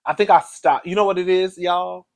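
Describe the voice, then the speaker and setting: A man's voice: high voice, steady tone, normal speed, creaky. A man chatting casually to his viewers, campy and playful, full of laughs and calling everyone girl and baby. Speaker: vlogger. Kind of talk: casual chat to camera. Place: hotel room.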